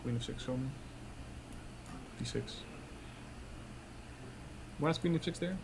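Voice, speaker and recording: A man commentating on a live chess stream in an excitable, hype-man way. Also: mid-range voice, unhurried, creaky, noisy background.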